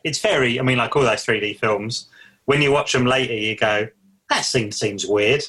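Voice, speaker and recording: Male co-host, crisp bright tone, hedging anecdotal storyteller. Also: mid-range voice, brisk, poor audio. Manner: anecdotal, hedging, acts out quotes. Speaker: podcast co-host. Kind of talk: casual film chat.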